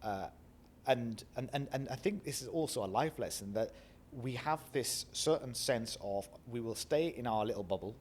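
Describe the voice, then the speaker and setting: A middle-aged man from Bradford with a Northern English accent, telling animated stories as an interview guest and acting out the voices of people he quotes. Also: medium pitch, moderate pace, slight background noise. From Bradford, England. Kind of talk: reflective storytelling interview.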